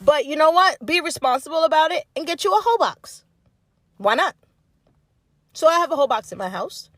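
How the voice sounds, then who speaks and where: Woman podcast host, high-ish voice, blunt and profane, emphatic swings, dry close sound. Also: lively intonation, moderate pace, no echo. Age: older. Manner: blunt, profane and emphatic, sharp pitch jumps. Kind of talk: casual solo podcast monologue.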